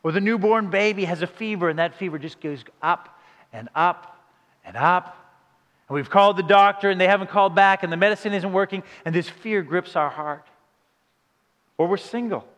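A man delivers a sermon in a high-pitched voice. He shifts between hushed, low passages and emphatic, rising questions. His voice carries a long reverb, as in a large hall. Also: moderate pace, pauses often. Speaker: pastor.

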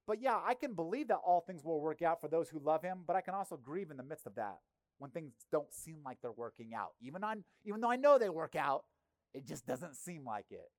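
Brief: male pastor, slightly high voice, chatty sermon delivery, dry close sound. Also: brisk, no echo. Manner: conversational, animated, acts out quotes.

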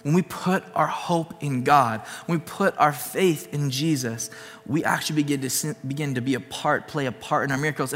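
A man's voice: on the high side, moderate pace, a bit bright, big-room sound, faint music behind. A man preaching a sermon as a pastor, earnest and repeating his points for emphasis.

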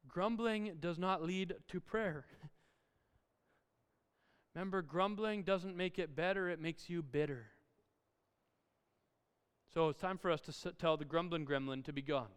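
A man preaching a sermon as pastor, with loud build-ups broken by quiet asides. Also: on the high side, unhurried, pauses often, clean tone. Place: church auditorium. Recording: live church sound with long reverb and faint music.

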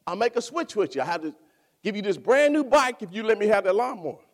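A man voicing an elderly preacher in a joke, flustered and indignant, with a high, creaky voice that swings widely in pitch. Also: big pitch swings, quick pace, big-room sound. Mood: pleading. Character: elderly male preacher, long saved, prim.

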